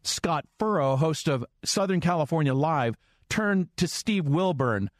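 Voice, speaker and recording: A man's voice: fairly high pitch, expressive, unhurried, no room sound, clean studio sound. A man hosting a radio show, reading scripted introductions in an announcer's delivery. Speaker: radio host.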